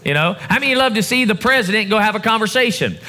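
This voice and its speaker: A man's voice: high voice, expressive, quick pace, pushed and bright. A male pastor preaching a sermon to his congregation in a church service, building his emphasis in a call-and-response way.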